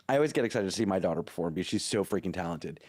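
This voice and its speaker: A man's voice: deep voice, a little mellow, breathy edge, no echo. A man co-hosting a casual podcast chat, making dry wisecracks. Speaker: podcast co-host.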